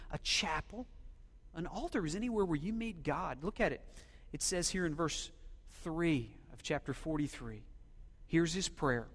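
A man preaching a sermon in a church, swinging between loud emphatic questions and hushed, near-whispered lines. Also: a little high, long reverb tail. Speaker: pastor.

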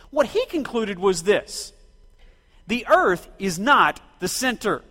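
High-voiced, lively preacher in a reverberant church. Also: male voice. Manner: rhetorical, quizzes and directs the congregation. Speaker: pastor. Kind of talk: sermon. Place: church sanctuary. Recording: long reverb of a church hall.

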